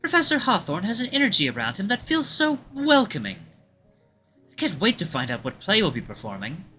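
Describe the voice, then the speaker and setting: A prim, polite young fox girl speaks with a British accent, as a man puts her on while reading a visual novel aloud. The voice sits high and sounds very bright. Faint music plays underneath. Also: wildly swooping pitch, fairly quick, exaggerated voice. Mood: cheerful. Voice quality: attempted put-on British accent, high and light.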